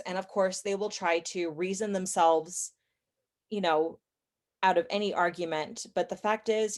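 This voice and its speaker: A young adult woman chatting as a podcast guest, opinionated and talkative, with quick asides and self-corrections. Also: lowish voice. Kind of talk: casual interview chat.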